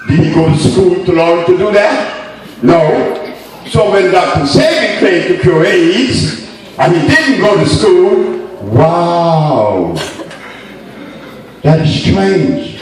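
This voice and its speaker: A man telling stories to an audience as a lecturer, animated and playful, often laughing as he speaks. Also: sits high, slow pace, a little hiss or hum. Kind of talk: storytelling talk to an audience. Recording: roomy hall from far off.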